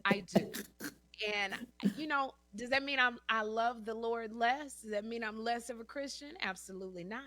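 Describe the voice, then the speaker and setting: A woman in her fifties talks as a guest in a relaxed interview. Her voice is bright and forward. She tells stories with energy, playing out the quoted lines and often laughing. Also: a little high, moderate pace. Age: 50s. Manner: animated storyteller, acts out quotes, laughs often. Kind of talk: casual interview chat.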